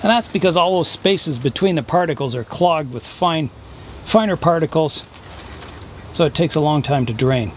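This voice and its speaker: Guy chatting through his bonsai potting in the garden, easygoing, bit high voice, faint outdoor hum behind. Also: normal speed. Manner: relaxed, explanatory, thinking aloud with fillers. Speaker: bonsai hobbyist vlogger. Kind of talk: casual how-to narration.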